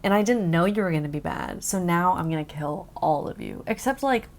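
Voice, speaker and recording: A woman's voice: lowish voice, expressive, fairly quick. A woman voicing a petulant, careless male God in a whiny, offhand tone.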